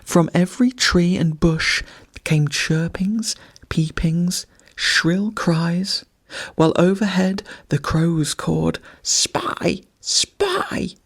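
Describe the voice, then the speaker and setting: An audiobook narrator reading a bedtime story in a soft, half-whispered voice. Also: medium pitch, steady tone, slow, no room sound, studio quality.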